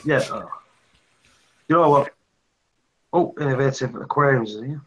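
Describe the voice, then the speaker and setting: A man from Manchester, England, with a Mancunian accent hosts a casual live-stream chat, joking, teasing the others, and quick to laugh. His voice is mid-range, and the recording is low quality.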